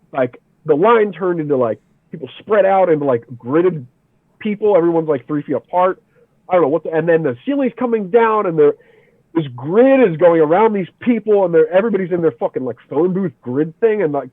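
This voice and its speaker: A man with a fairly high voice tells a long story in casual, animated talk, full of swearing and "dude". The sound is thin and phone-like and very dry, with no room around it. He comes from the Philadelphia area and talks like a guest just hanging out. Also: dry recording. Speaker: podcast guest.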